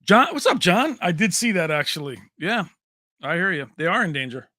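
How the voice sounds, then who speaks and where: A man's voice: high voice, sing-song, moderate pace, sharp tone, dry recording, studio quality. A man hosting a livestream in casual chat. He rambles, laughs often and answers viewers by name. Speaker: livestream host.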